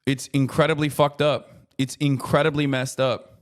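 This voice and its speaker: A man streaming casual commentary, talking in an animated, profane way that keeps breaking into loud mocking rants. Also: mid-range voice, normal speed. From United States. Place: traveling in Japan.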